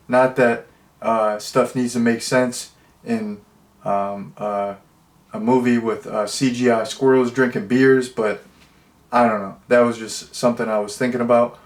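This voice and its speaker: A man giving a casual, rambling movie review, full of fillers and jokey deadpan asides. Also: mid-range voice, a little slow, echoey room.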